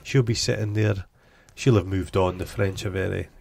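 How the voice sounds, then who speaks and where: A man's voice: deep voice, fairly even intonation, moderate pace, creaky, darkish tone. A Scottish man co-hosting a podcast, chatting casually and crudely about a film, joking and putting on silly voices. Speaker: podcast co-host. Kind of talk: casual film review chat.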